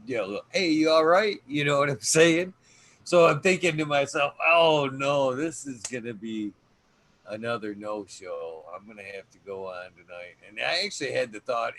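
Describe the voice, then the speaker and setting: A podcast host with a lowish, fairly bright voice tells a story casually, rambling, swearing, and using plenty of fillers.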